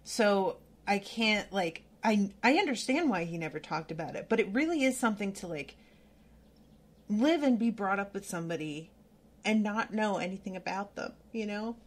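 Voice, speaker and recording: A woman's voice: medium pitch, animated, normal speed. A woman hosting a casual book-club podcast who talks earnestly and stumbles and restarts when moved. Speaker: podcast host.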